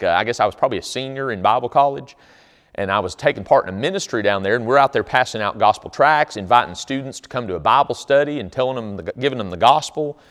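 A man's voice: medium pitch, fairly bright tone. A man preaching a sermon, telling stories in an emphatic, conversational way. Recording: long hall reverb.

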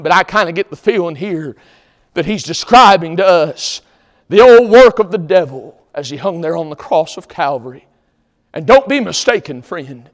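A man preaching in a church sanctuary, his voice high and lively, leaping up and dropping down as he drives his points home. He swings from loud, emphatic exhortation to near-hushed asides, and a long hall reverb trails every phrase. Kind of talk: sermon.

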